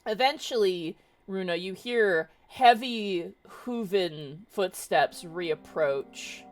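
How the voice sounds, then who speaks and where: A woman's voice: fairly low pitch, slow, faint music behind. A woman running a tabletop game as game master, narrating in a chatty way full of "kinda" and "like".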